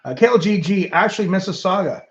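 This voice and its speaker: Man, Canadian accent, middle-aged, fairly high voice, rambling livestream chat, muffled lo-fi sound. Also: lively intonation, quick pace. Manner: musing, rambling, with many fillers. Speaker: host of his own channel. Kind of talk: casual livestream chat reading viewer comments.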